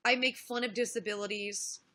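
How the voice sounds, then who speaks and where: A woman's voice: mid-range voice, brisk. A woman livestreaming in casual chat, rambling through a story with restarts and swearing while thanking viewers. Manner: rambling, animated retelling with frequent restarts and swearing.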